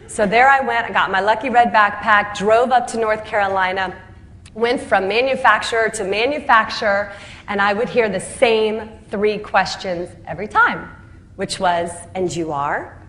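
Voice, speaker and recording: Here a woman who founded a company shares her story in an animated, self-mocking talk. She acts out quoted characters and chuckles at her own punchlines, using a mid-range voice at a moderate pace.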